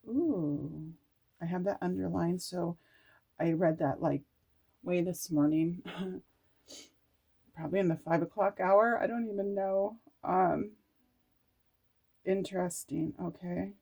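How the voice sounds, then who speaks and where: A tired woman reading aloud from an oracle card book and reflecting in a meandering, halting way with laughs. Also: lowish voice, steady tone, gravelly, dark tone. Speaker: spiritual oracle card reader. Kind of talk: casual spiritual vlog, reading aloud and reflecting.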